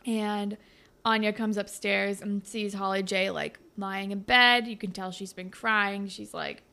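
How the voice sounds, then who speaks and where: A woman's voice: mid-range voice, steady tone, measured pace, creaky, pushed and bright. A young woman co-hosting a casual recap chat, sarcastic and swearing as she acts out characters' lines. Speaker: podcast co-host.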